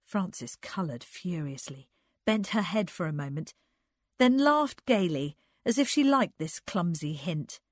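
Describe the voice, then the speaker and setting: Woman as audiobook narrator, measured and unhurried, pitch rises and falls a lot, dry close sound. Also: lively intonation, dry recording. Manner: measured literary storytelling.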